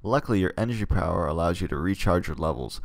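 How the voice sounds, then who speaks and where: A man with a very deep, gravelly voice reads a text adventure aloud and muses over his stats between passages. He rambles and hesitates in his asides. The desk mic sounds dry and close. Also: lively intonation, quick pace, no room sound. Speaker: gamer reading a text game aloud. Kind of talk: casual let's play commentary and reading.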